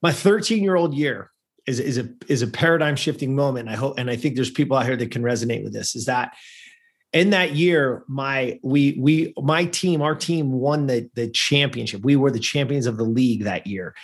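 This is a man in his fifties with a husky, slightly breathy voice at a mid-range pitch. He tells a personal story as a podcast guest. He talks earnestly, circles back and restarts his phrases, and keeps checking in with "right?". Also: normal speed. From Lancaster, California. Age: 50s. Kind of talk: conversational storytelling.

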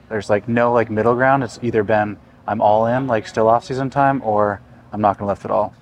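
Low flat-voiced young man, relaxed. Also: fairly quick, slight background noise. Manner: relaxed, filler-heavy, lots of "like". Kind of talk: casual podcast discussion.

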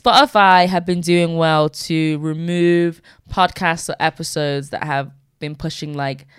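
Young woman, podcast co-host, blunt, swears freely, smooth voice, dry close sound. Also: deep voice, steady tone, unhurried, no room sound. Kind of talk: casual chat.

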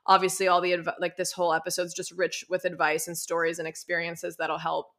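Young woman podcast host, bright voice, chatty and animated, casual interview tone. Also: on the low side, a little fast. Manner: chatty, animated storytelling with frequent fillers.

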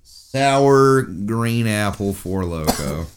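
A man's voice: on the low side, lively intonation, very slow. A young man co-hosting a podcast, joking loosely in casual comedic banter. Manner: loose, joking, laughs easily. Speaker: podcast co-host.

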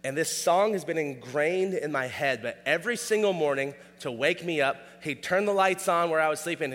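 A man's voice: a little high, expressive, a little fast, hardly any pauses, fairly bright tone, in a large hall. A man preaching a sermon in a casual, conversational way, often asking "all right?". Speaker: pastor.

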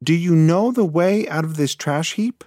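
Man doing a squeaky little mouse, eager and polite, pitched way up, dry sound. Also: normal speed, a little mellow, dry recording, lightly acted. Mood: pleading. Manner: eager, pleading. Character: small young male mouse, anxious and polite.

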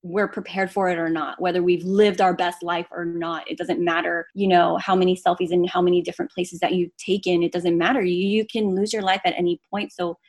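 A woman in her thirties speaking earnestly and reflectively in a casual podcast conversation, often quickening into fast runs. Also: fairly low pitch, flat delivery. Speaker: guest.

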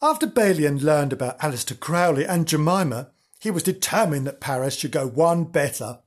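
A man's voice: a little high, expressive, moderate pace, husky. A man narrating his own story in a wry, scripted first-person telling with dry humour.

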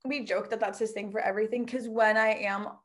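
A woman who owns a pole dance studio, chatting casually and telling stories with lively quoted voices. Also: mid-range voice, a little fast. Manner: animated storyteller, quotes people with lively voices. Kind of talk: casual chat.

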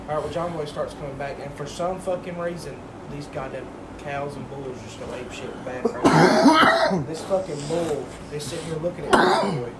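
A man's voice: on the high side, animated, moderate pace, a crowd in the background. A man telling a long rambling story in casual, profane podcast chat. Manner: rambling, profane, swears often. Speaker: podcast co-host. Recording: echoey room, mic at a distance, audible background hiss.

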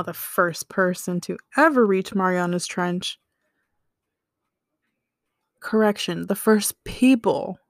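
A woman's voice: mid-range voice, no room sound. A woman hosts a laid-back solo podcast, taking her time through the facts. She breaks in with slangy asides and joking reactions. Her voice sits close and dry on the mic. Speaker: podcast host. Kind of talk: casual solo podcast explainer.

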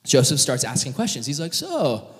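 A man preaching a humorous, casual sermon in a church hall, retelling a Bible story with animated jokes and lots of fillers. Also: a little high, normal speed.

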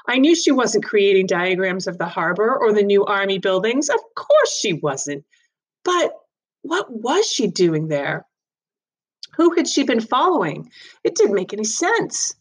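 A woman's voice: mid-range voice, husky. A woman reading a novel aloud as a storyteller, greeting listeners and narrating expressively.

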